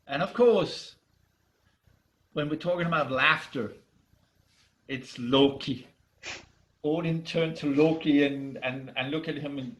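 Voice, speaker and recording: A man telling a myth in an animated, dramatic way, with halting restarts, over a video call. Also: on the high side, poor audio. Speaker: storyteller. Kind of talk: myth storytelling.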